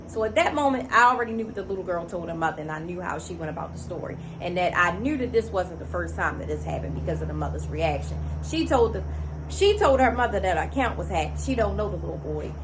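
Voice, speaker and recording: A woman's voice: fairly low pitch, lively intonation, a little fast, background noise. A woman vlogger, a single mother, recounting a personal story in an emotional, emphatic, conversational way. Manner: emotional, emphatic, repeats words for stress; conversational, many "you know" fillers.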